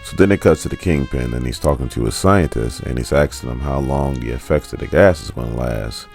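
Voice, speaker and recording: A man's voice: rumbling low, a little fast, creaky, darkish tone, soft background music. A man in his forties casually retelling a comic story, with laid-back joking asides. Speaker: comic book recap host.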